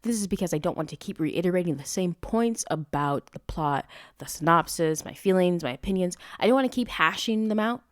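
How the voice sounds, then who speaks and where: A woman's voice: fairly low pitch, animated, a little fast, no echo, studio quality. A young woman hosting a podcast, reviewing a novel in a rambling, self-interrupting way with frequent swearing. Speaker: podcast host. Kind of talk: casual book review monologue.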